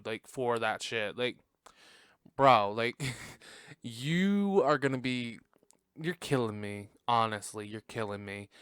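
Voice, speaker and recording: Man, podcast host, sassy movie reaction, swears a lot, laughs often, smooth voice, dry close sound. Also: medium pitch, fairly bright tone, no echo. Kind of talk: casual movie reaction commentary.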